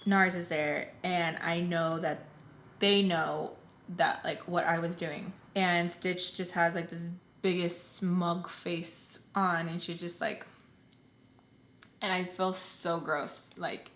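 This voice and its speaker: A woman's voice: lowish voice, steady tone, slow, fairly bright tone. A young woman telling a personal story in a casual storytime vlog, chatty and full of "like". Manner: chatty, filler-heavy with constant "like". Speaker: storytime vlogger. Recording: echoey room.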